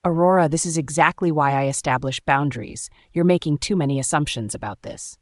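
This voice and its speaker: The narrator reads the lines of a cold, dismissive male Alpha werewolf in a flat, even voice. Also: mid-range voice, a little fast, no echo, clean studio sound, close to an everyday voice.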